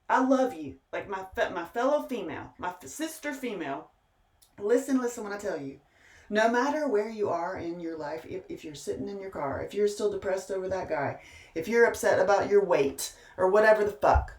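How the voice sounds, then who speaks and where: A woman's voice: mid-range voice, expressive, normal speed, roomy sound, recorded from a distance. A woman giving an impassioned, profane pep talk straight to her listeners, preachy and emphatic, repeating words for emphasis. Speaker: motivational speaker and host.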